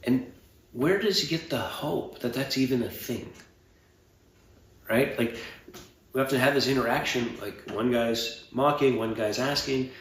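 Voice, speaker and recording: A man preaching a sermon as a pastor, in an earnest, measured way with pauses and fillers. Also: medium pitch. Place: church sanctuary. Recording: roomy church sound from a distant mic.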